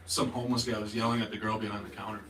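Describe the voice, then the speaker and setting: A man's voice: lowish voice, little pitch movement, racing, a bit bright, slight background noise. A young Canadian man from Northern Ontario doing a crude, casual stand-up comedy set and chatting with the crowd. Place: comedy club stage. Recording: roomy club sound from a distance. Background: audience laughter.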